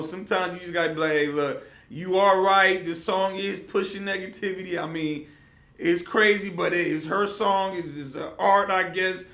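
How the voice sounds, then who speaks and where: A man's voice: high-pitched, bright, forceful tone, reverberant. A man giving casual reaction commentary in a laid-back, conversational way with loose slang. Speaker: commentary vlogger.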